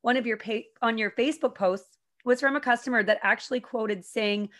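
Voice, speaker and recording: A woman's voice: fairly high pitch, a little fast. A woman hosting a podcast interview, chatty and encouraging. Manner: warm, effusive, encouraging. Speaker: podcast host. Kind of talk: casual interview chat.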